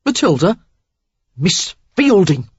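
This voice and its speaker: A man's voice: on the high side, moderate pace, husky, no echo. A narrator voicing an anxious, harried male club factotum in an audiobook who speaks tersely and urgently. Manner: tense, urgent. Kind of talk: audiobook character voice. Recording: dull lo-fi dry recording.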